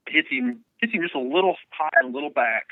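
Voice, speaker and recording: Man, rapid rambling storyteller, phone-line audio, dry sound. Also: a little high, big pitch swings, no room sound. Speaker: bowhunting guest, husband. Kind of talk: storytelling in a podcast interview.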